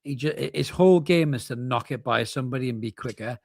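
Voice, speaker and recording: A man's voice: medium pitch, vocal fry, a little mellow, no echo. A man, co-hosting a casual football watchalong and bantering bluntly. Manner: banter-laden, joking, quick to laugh; blunt, emphatic opinions. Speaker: podcast co-host.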